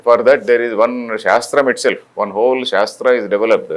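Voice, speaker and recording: A man's voice: mid-range voice, fairly even intonation, normal speed, a little hiss or hum. An older man from India, lecturing on scripture, explaining patiently with many fillers and restarts and reciting Sanskrit verses. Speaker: spiritual lecturer.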